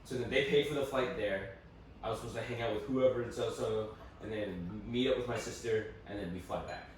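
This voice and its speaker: A young man, a podcast co-host, chatting casually and telling stories animatedly, swearing freely. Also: fairly quick. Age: young adult. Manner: animated storyteller, swears freely, mimics family in high voices. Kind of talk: casual chat. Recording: echoey room, distant mic, faint noise.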